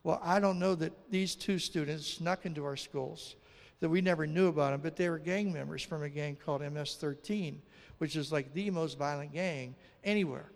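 A man telling a lively testimony as a missionary preacher, acting out the dialogue of his story. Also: a little high, normal speed, gravelly, big-room sound.

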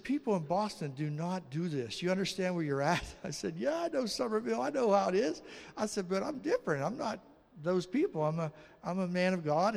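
A man telling a lively testimony as a missionary preacher, acting out the dialogue of his story. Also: a little high, big-room sound.

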